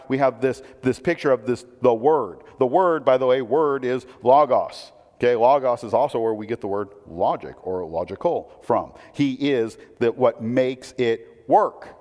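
A man delivering a conversational sermon as a pastor, asking rhetorical questions and swinging between emphatic raised lines and quiet low asides. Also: in a large hall.

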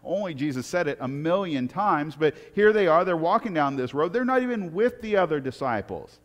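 A man with a slightly higher voice preaches a story-driven sermon, repeating words as he restarts his sentences. His voice carries a long reverb, as if it were filling a large church sanctuary. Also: fairly quick, dull audio. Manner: animated retelling with frequent restarts and stammered repeats.

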